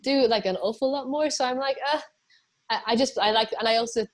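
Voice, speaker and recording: A young British musician from England chats casually as an interview guest, rambling with many fillers and laughs. She speaks fast in a fairly high voice with a British English accent.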